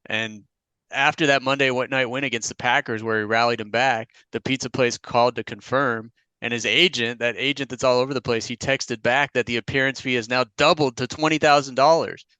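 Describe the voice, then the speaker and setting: Bright, smooth-voiced podcast co-host man. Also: mid-range voice, steady tone, fairly quick, dry recording. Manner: easygoing storytelling with frequent restarts. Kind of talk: casual chat.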